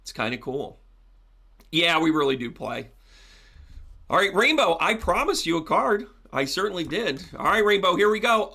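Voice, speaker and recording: A man giving a live tarot reading, talking with viewers in a chatty, animated, joking way. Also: on the high side. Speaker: psychic medium and tarot reader.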